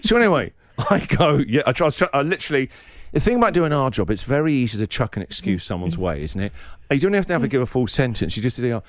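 Animated man in his forties telling a comic story. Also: medium pitch, quick pace, few pauses, dry recording, clean studio sound. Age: 40s. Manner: self-mocking, animated, acts out voices and groans. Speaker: radio show host. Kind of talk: comic storytelling on breakfast radio.

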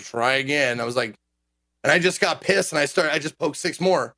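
His voice runs on the high side with vocal fry, a little fast and free of echo. A game streamer, he rants animatedly and swears often during a casual podcast chat.

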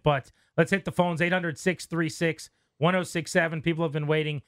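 A man's voice: a little high, fairly bright tone, no echo, clean studio sound. A man hosting a sports radio show, teasing his co-host, reading promos and taking calls. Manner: wry, teasing, reads promos and takes calls.

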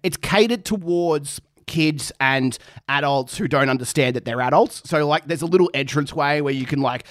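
A man's voice: a little high, moderate pace, few pauses, no echo, studio quality. A young Australian man, a podcast co-host, telling a story with lots of swearing and laughter. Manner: animated, swears freely, laughs through his stories. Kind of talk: casual storytelling chat.

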